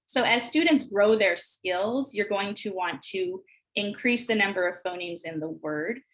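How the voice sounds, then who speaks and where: An American woman demonstrating early literacy exercises, sounding out words slowly and deliberately. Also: mid-range voice, a bit bright. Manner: slow, deliberate sounding out of phonemes. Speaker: teacher trainer. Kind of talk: instructional screencast demonstration.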